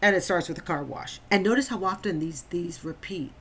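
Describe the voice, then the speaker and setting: A woman's voice: fairly low pitch, brisk, husky. A woman hosting a reaction commentary, emphatic and repeating phrases for stress. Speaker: host.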